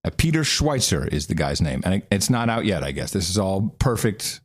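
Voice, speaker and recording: Lively-voiced male podcast co-host. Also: sits low, breathy edge. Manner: quick reactive interjections, reads facts aloud. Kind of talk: casual political commentary.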